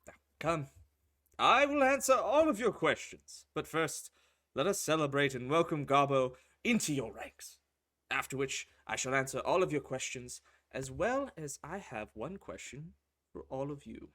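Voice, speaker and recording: A man voicing a grand, welcoming male temple leader who speaks in a booming, stately way. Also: lively intonation, moderate pace, a bit bright.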